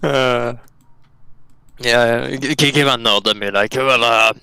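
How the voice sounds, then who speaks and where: A man playing a tabletop game, stammering and restarting his lines as he speaks in character. His voice is smooth and bright, recorded dry and close. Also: medium pitch, takes it slowly, no echo. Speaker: tabletop player. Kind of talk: casual tabletop role-play.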